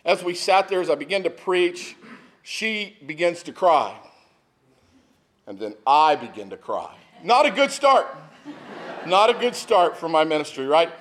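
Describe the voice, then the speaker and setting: A man's voice: on the high side, very animated, measured pace, a bit bright. A middle-aged man, preaching a sermon as a pastor in a conversational storytelling way. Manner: conversational storytelling, asks the room "right?".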